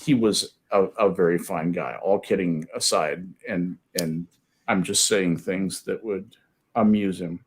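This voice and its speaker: A male podcast host in a casual group chat, talking haltingly with restarts and wry jokes. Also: low voice, husky.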